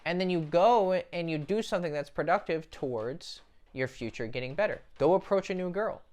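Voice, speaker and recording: A man's voice: fairly high pitch, a little fast, darkish tone. A young man giving dating advice as a coach, blunt and profane, talking straight to the viewer in a casual monologue.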